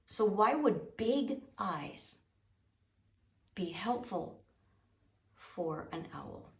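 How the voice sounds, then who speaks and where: A woman giving a lively, playful wildlife lesson to a classroom. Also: medium pitch, drawn-out words. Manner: animated, playful, teasing. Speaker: wildlife educator. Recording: echoey room, mic at a distance.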